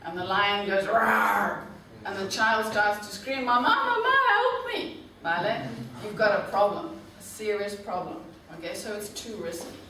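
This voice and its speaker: A woman with a steady, slightly bright, mid-range voice presents to a class as a guest lecturer; she's a tour operator director. Her delivery is slow and clear, punctuated by regular "okay?" check-ins. The university classroom echoes, the mic is distant, and faint noise sits underneath.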